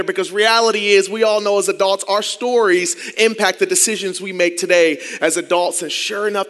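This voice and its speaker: A man from Ohio telling a personal story in a sermon, acting out quoted dialogue in lively voices. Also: big-room sound. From Akron, Ohio. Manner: animated, acts out quoted dialogue with big pitch swings. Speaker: church groups director.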